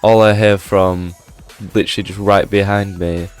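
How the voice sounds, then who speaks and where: A man's voice: on the low side, level tone, moderate pace, clean tone, soft background music. A man telling a story casually, rambling with lots of filler words and swearing. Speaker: gaming YouTuber.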